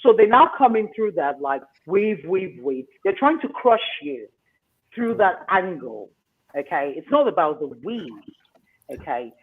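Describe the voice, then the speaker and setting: A man's voice: high voice, very animated, a little slow. A man hosting a talk show. He gives advice in an emphatic monologue and keeps asking "okay?". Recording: tinny phone-line sound.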